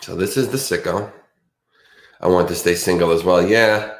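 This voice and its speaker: A man co-hosting a podcast, chatting casually and rambling through halting, self-reflective stories. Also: deep voice, slight background noise. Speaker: podcast co-host. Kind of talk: casual chat. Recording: roomy echoey room.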